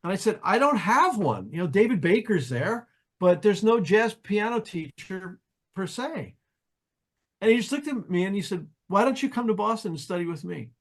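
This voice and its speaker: A man's voice: high-pitched, normal speed. An older man from New Jersey, a jazz pianist who is a guest on an interview show, telling stories casually with lots of restarts and acted-out quotes. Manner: animated anecdotes, acts out quoted voices, frequent restarts. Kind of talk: casual storytelling.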